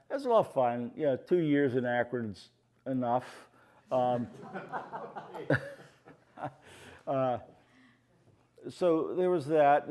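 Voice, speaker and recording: A man's voice: medium pitch, mellow. An older man from the Pittsburgh area, speaking as the featured artist at a gallery talk and telling rambling, anecdotal stories to an audience, with many "you know" fillers. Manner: acts out quoted voices in his stories. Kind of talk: storytelling at a live artist talk. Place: art gallery, before an audience.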